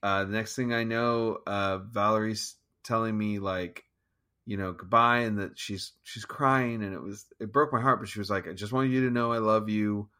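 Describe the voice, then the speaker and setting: A man telling a personal story in an interview, halting and restarting as he acts out his own thoughts. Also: lowish voice, steady tone, sharp tone, smooth. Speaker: guest musician. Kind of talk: conversational storytelling.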